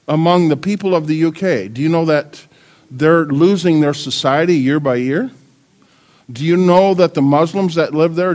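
In lo-fi sound, an older man serving as pastor preaches in a slightly high voice. He's animated, launching rhetorical questions at the congregation, asking the audience lots of questions, and joking with his grandchildren.

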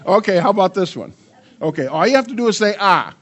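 Animated older man preaching a sermon. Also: sits high, fast, lo-fi sound. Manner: animated, asks the audience many questions; playful with his grandchildren. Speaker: pastor.

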